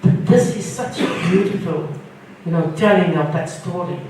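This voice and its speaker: A woman in the audience speaking haltingly with many fillers, praising the speaker. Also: on the low side, lively intonation. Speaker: audience member. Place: event hall. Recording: echoey hall from far off, faint noise.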